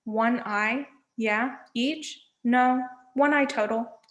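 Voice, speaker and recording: A woman's voice: fairly high pitch, slow pace, roomy sound. A woman voicing a clever, matter-of-fact teenage girl in a storybook reading.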